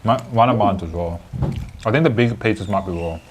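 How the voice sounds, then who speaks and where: A man's voice: lowish voice, moderate pace, background noise. An Australian man vlogging outdoors over dinner, joking and teasing in casual chat. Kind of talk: casual chat while eating.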